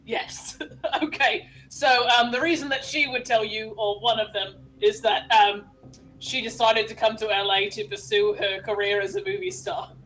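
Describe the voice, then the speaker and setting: A woman chatting casually out of character during a tabletop game, laughing a lot, swearing freely and filling pauses with ums, a bit tipsy from beer. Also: a little high, expressive, fairly bright tone, rough recording.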